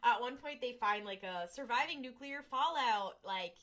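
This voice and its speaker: On the high side and a bit bright, this woman's animated voice moves at normal speed. She co-hosts a podcast, rambling through a casual episode recap with plenty of "like" and "um" and acted-out lines.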